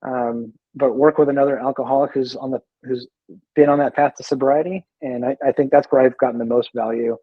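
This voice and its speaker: A man with a husky, slightly breathy voice tells his story in an easygoing way, stopping often and going back over his words. His sound is dry and a bit muffled, like a lo-fi remote call. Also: medium pitch, fairly even intonation, fairly quick, no echo. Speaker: guest, veteran in recovery. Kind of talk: casual interview talk.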